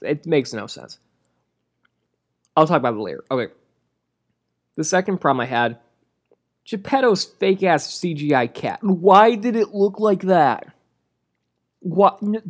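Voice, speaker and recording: A movie reviewer delivering a comedic rant in a sarcastic, crude and exasperated way. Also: mid-range voice.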